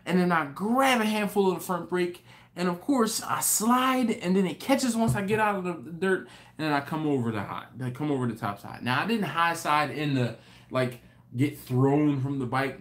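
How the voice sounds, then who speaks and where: A man hosting a live stream, telling a story in an animated, rambling way with many restarts. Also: a little high, moderate pace. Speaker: host. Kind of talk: casual live-stream chat.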